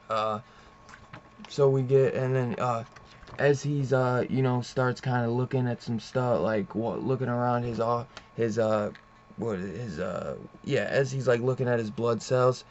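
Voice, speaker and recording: A man's voice: mid-range voice, measured pace. Young male comic reviewer, rambling and full of fillers, muffled lo-fi audio with faint hiss. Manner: rambling, filler-heavy, enthusiastic. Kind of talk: casual comic review vlog.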